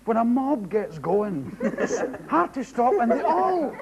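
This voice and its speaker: A Scottish man doing a stand-up storytelling set, lively and animated, often mimicking others in sharp high voices. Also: slow, vocal fry. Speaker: comedian. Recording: 1980s TV audience show, loud crowd and noise. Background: loud audience laughter.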